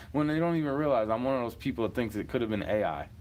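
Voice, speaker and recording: A man's voice: medium pitch, lively intonation, very fast, darkish tone. Rambling profane man from New York. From New York City. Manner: profane, rambling, chuckling between rants. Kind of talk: rambling rant monologue.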